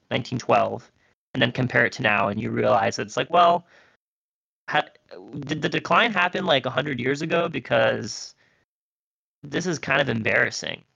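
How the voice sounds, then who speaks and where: A man's voice: medium pitch, creaky, pushed and bright, dry recording. A young man calling in to a live show from his phone while driving, rambling, crude and opinionated. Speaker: caller. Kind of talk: casual call-in chat. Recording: dull glitchy call line.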